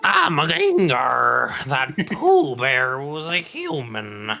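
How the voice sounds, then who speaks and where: A woman doing a gravelly gleeful ghost. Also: a bass voice, huge pitch swings, extremely slow, pushed and bright, soft background music, exaggerated voice. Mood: gleeful taunting. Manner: gravelly, drawling, giggly taunts. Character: mischievous ghost creature, gleeful brawler. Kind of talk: comedic game dub.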